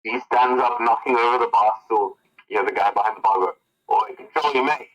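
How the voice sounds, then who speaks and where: A man narrating as game master of a tabletop game, telling the scene in a casual, relaxed way. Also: fairly low pitch, fast talker, muffled recording.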